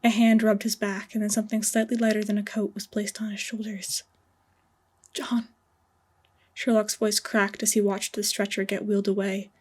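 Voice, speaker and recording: Breathy woman narrating an audio story. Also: medium pitch, completely flat delivery, brisk, hardly any pauses. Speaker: fanfiction author reading her story.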